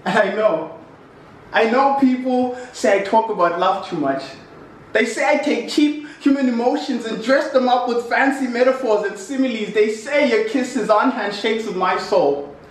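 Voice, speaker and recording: A man's voice: very high voice, normal speed. A young South African man performing spoken-word poetry in an office, with a rhythmic, impassioned recitation built on repeated refrains. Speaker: poet. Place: office room. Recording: very echoey room, mic far off, faint noise.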